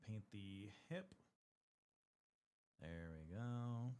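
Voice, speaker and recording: A man paints miniatures on a live stream, rambling casually to viewers and swearing a lot. He speaks extremely slowly in a lowish, mellow voice with big pitch swings, and there's a little hiss or hum.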